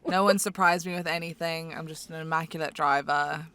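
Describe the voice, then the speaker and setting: A woman's voice: sits low, steady tone, brisk, noisy background. A young woman, chatting from the back seat of a car, teasing herself with mock boasts. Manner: teasing, self-mocking boasts. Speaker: podcast co-host. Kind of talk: casual chat.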